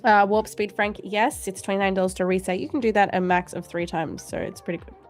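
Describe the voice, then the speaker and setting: A woman's voice: medium pitch, steady tone, a little fast, faint music behind. A woman hosting a casual livestream, reading out chat comments in a playful, jokey way and laughing often. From Australia. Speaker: livestream host.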